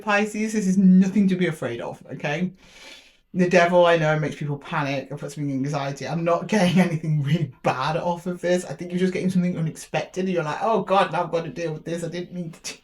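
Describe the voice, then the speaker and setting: A woman giving a casual tarot reading, chatty and playful, laughing often and putting on quick voices for the universe. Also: medium pitch, darkish tone. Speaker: tarot reader.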